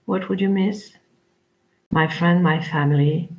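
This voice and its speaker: A woman teaching an English class online, chatty and rambling, with frequent pauses as she talks to her students. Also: on the low side, steady tone, a little mellow, rough recording.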